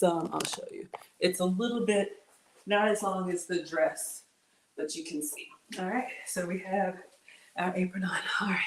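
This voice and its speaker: A woman's voice: medium pitch, darkish tone. Bubbly woman hosting a cooking livestream. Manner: bubbly, laughs often, reads viewer comments aloud. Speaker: home cook livestream host. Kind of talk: casual cooking livestream chat.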